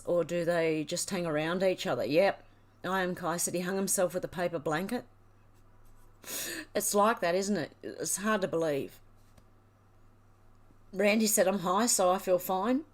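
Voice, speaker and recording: A woman's voice: on the low side, moderate pace. A woman hosting a livestream, reading out chat messages and getting teary as she thanks her viewers. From Australia. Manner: emotional, gushing, tearful thanks. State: teary, crying.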